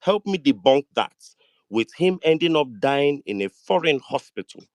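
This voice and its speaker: A man's voice: fairly high pitch, animated, moderate pace, no room sound, studio quality. A man with a Nigerian accent in a heated online debate, insistently pressing the same question. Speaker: debate participant.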